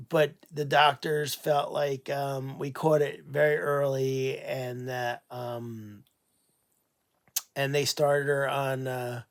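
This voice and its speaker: Slow, gravelly-voiced man chatting. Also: medium pitch, little pitch movement. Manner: halting, many fillers and restarts. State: tired and unwell. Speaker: animal sanctuary owner. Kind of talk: casual livestream chat.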